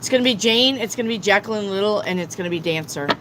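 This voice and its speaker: A woman's voice: medium pitch, quick pace, noisy background. A woman tarot reader on a live stream, lecturing her viewers bluntly and swearing often.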